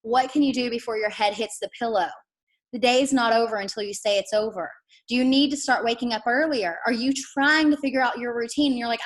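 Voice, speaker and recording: A woman giving an earnest, emphatic motivational training to her team over a video call, with apologetic asides. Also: on the high side. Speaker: network marketing team coach.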